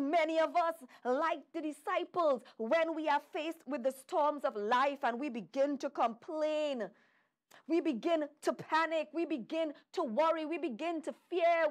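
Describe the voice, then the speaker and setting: Lady preacher w a high voice, dramatic storytelling sermon, fervent. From Trinidad and Tobago.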